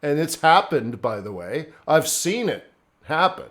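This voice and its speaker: A middle-aged man with a rather high voice hosts a live trading stream. He talks bluntly and casually, coaching viewers and answering their chat messages by name. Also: very animated, a little slow, a bit bright. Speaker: forex trading livestream host.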